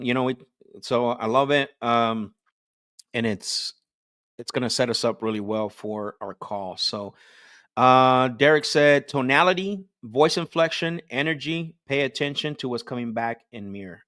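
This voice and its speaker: A man's voice: mid-range voice, a little slow, smooth. A man coaching a group call on sales technique, talking with energy and checking in with "right?" as he goes. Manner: energetic, repeats "right?" often, restarts sentences. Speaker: sales trainer.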